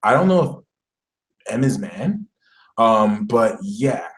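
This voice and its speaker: Animated man with a lively voice. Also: lowish voice, takes it slowly, rough recording. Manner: animated, comic storytelling with many fillers. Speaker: astrologer. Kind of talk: casual astrology vlog.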